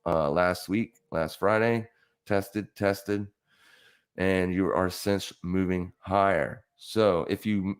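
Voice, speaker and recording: Male host, deep voice, casual live-stream trading talk, blunt coaching manner. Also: clear, resonant tone.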